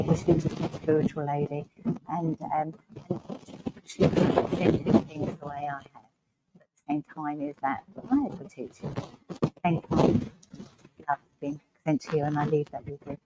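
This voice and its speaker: A woman's voice: deep voice, normal speed. A woman working as a medium, giving a reassuring reading to the congregation in a village hall. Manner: warm, reassuring, checks in with "all right?". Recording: loud background noise.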